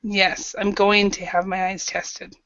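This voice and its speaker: A woman's voice: medium pitch, little pitch movement, a little slow, fairly bright tone, no echo, dull audio. A woman teaching an online English grammar class, patiently calling on students by name and correcting their answers.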